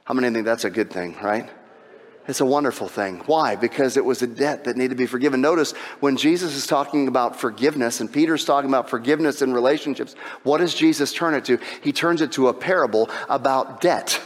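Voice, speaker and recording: A man's voice: medium pitch, brisk, in a large hall. A man preaching a sermon as pastor, repeating phrases for emphasis and rising to impassioned peaks. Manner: builds to impassioned, shouting peaks when retelling the parable.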